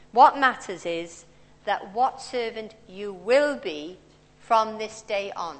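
Long church reverb fills this recording of a woman preaching in a large hall on a handheld or stand mic. Her medium-pitched, fairly bright voice carries a conversational sermon built around personal anecdotes.

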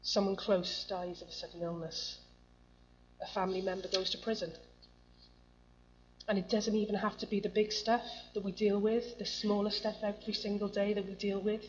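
A woman's voice: mid-range voice, level tone, moderate pace. Woman preaching on a muffled recording. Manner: conversational, asks the congregation questions. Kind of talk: sermon. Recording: muffled lo-fi recording with faint hum.

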